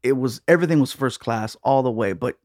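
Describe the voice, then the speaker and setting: A man's voice: mid-range voice, brisk, no echo, clean studio sound. A man, a stand-up comedian, chatting casually as a podcast guest and telling laid-back road stories with easy laughs.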